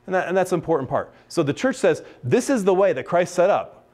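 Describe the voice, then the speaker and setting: A man's voice: high-pitched, very animated, fairly quick, a little mellow. An American man, a priest, teaching a class in a casual, chatty way, with many restarts and acted-out quotes of other people.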